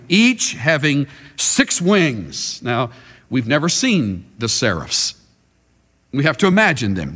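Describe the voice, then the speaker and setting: A man's voice: a little high, fairly bright tone. Dramatic male preacher in an echoing hall. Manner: dramatic, leads the congregation in call-and-response. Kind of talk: sermon.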